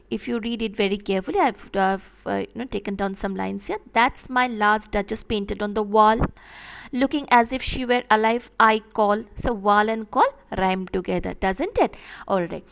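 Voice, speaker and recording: A woman's voice: medium pitch, vocal fry. Woman lecturing on poetry. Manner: explains step by step, with frequent fillers and restarts. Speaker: literature lecturer. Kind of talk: online class lecture.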